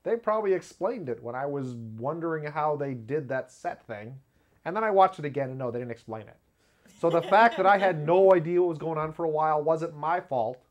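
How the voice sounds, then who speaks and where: A man hosts his own show from a small home studio, rambling from one aside to the next and mocking himself as he goes. His voice leaps up in pitch whenever he acts out what someone said, and he laughs at his own jokes. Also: brisk. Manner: lively pitch jumps when acting out quotes. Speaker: video show host. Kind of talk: casual comedic monologue. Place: home studio with black curtain behind.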